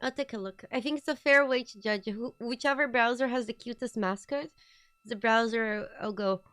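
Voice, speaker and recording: Brief: high-pitched woman streamer, giggly and rambling, casual desk-mic chat. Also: moderate pace, clean tone, dry recording. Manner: excitable, giggly, rambling asides. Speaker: streamer hosting a watch party.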